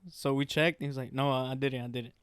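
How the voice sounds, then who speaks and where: A man's voice: mid-range voice, little pitch movement, fast talker, clear, resonant tone, no room sound. A young man co-hosting a casual podcast, telling stories between laughs and acting out what people said. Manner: laughing storyteller, acts out quotes. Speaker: podcast co-host. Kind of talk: casual chat among friends.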